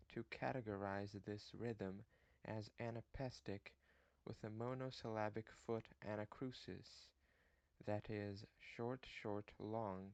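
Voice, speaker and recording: A man giving a scripted lesson on poetic meter in a formal, measured and slightly stilted way. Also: lowish voice, gravelly, darkish tone. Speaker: poetry lecturer. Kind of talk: scripted narration.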